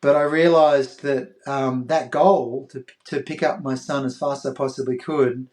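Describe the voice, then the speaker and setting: As a guest on a podcast, this former athlete from Australia, middle-aged and mid-range in voice, recounts an emotional story at a moderate pace. He performs the voices of others with animation and quiets down when things turn tender.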